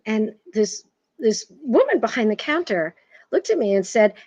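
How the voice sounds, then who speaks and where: A woman in her sixties from Massachusetts, an author telling stories as a guest in a casual interview, animated and self-deprecating. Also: on the high side, normal speed, breathy edge, no room sound. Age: 60s. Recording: dull, dry sound.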